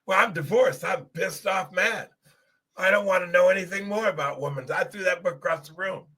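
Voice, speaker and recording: A middle-aged podcast host shares a personal testimony, speaking straight to his listeners in an earnest, emotional way. His voice is high-pitched and sharp with a breathy edge, and he talks fairly quickly.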